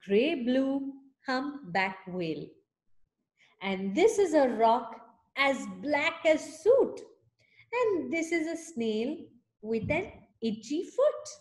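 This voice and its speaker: Female teacher, storytime reader; slow, lively, slightly high voice. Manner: animated, pausing to explain and ask questions. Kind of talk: reading a picture book aloud to children.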